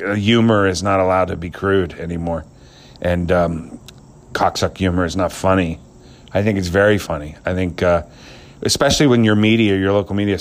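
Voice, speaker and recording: A man with a lowish voice rants about football in a loose, rambling way. He is crude and mocking and keeps laughing at his own jokes. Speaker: sports commentator. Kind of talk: casual opinionated sports rant.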